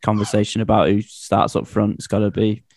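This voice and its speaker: A man's voice: on the low side, completely flat delivery, fairly quick, a little mellow, no echo. Casual male podcast host, hesitant and chatty, dry close sound. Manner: hesitant, many fillers and restarts. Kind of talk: casual football podcast chat.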